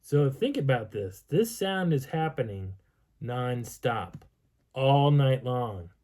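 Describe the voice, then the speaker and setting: A man telling a personal outdoor story in an animated way, acting out sounds and voices. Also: medium pitch, takes it slowly. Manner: lively, acts out sounds and dialogue. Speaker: vlogger telling a field story.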